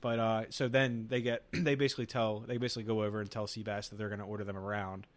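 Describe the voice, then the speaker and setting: A man's voice: on the low side, little pitch movement, fast talker. Man, podcast co-host, casual movie talk, quoting scenes, laughing. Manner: retells scenes by acting out quotes, laughing often.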